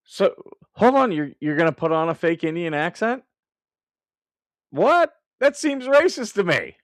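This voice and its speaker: A man's voice: high-pitched, sing-song, measured pace, no echo, clean studio sound. A man hosting a live stream, ranting and laughing as he comments, with many restarts. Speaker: livestream host.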